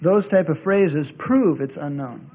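High-voiced man lecturing on tinny tape. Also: measured pace. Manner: argumentative, repeats points for emphasis. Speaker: Bible class teacher. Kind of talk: classroom lecture.

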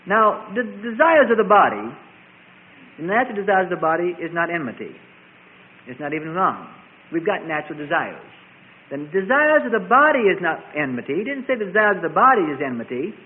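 A high-pitched man preaches with a lively voice that swings up and down, hammering his points through repeated contrasting phrases. The sound is thin and tinny, like a sermon heard over a phone line. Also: a little fast.

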